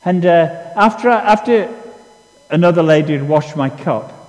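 Man preaching, high voice, lively swings, long reverb of a hall. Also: measured pace. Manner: conversational, self-deprecating, many restarts. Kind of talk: sermon with storytelling.

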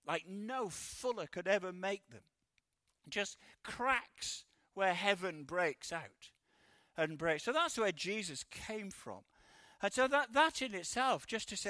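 A man gives a chatty sermon, his voice high and bright. He stumbles and restarts, then acts out the quoted voices. The sound is dry and close. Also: lively intonation, measured pace, dry recording. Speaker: preacher.

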